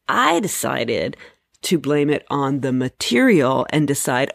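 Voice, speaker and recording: Low-voiced woman comic, dry close sound. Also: big pitch swings, unhurried, gravelly, dry recording. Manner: candid, reflective, self-deprecating. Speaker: stand-up comedian and podcast host. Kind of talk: casual podcast storytelling.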